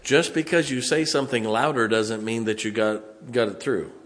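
A man's voice: mid-range voice, normal speed, a bit bright, long reverb tail. A middle-aged male pastor, preaching a sermon in a church with folksy, conversational stories. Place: church sanctuary.

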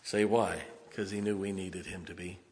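A man's voice: deep voice, steady tone, moderate pace, darkish tone, big-room sound, a little hiss or hum. A male pastor preaching a sermon, telling a story and then urging the congregation. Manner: storytelling preacher, rises to emphatic exhortation. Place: church sanctuary.

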